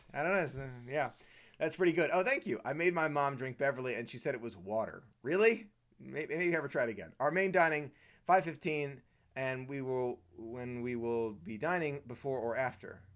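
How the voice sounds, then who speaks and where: Man, live stream host, reads comments aloud, chatty, mid pitch. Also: lively intonation, brisk. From Washington, D.C. area.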